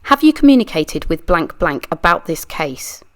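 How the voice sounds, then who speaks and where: A true crime channel reader, a woman with a lowish voice and big pitch swings, reads a deposition aloud at normal speed. She voices a persistent adult lawyer questioning a witness with methodical, pressing questions.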